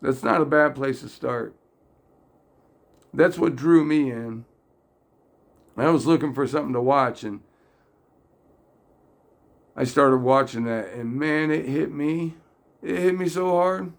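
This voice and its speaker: An earnest man talks through faith stories in a casual, rambling way. His voice is gravelly and somewhat high for a man. He speaks slowly and takes his time. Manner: earnest, rambling, gets loudly excited and emotional. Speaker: religious video host. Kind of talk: casual faith talk to camera.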